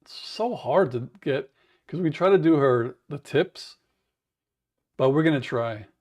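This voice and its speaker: A man with a raspy voice, chatting in a rambling way to viewers on a livestream from home, humming to fill the wait. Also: on the high side, expressive, measured pace, darkish tone. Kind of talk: casual livestream chat. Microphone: wearable mic.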